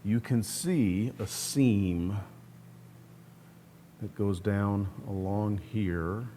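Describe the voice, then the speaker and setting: Speaking extremely slowly in a lowish voice, the guitar restoration host walks through his workshop project step by step, keeping his explanation casual and plainspoken as he works. Slight background noise is present.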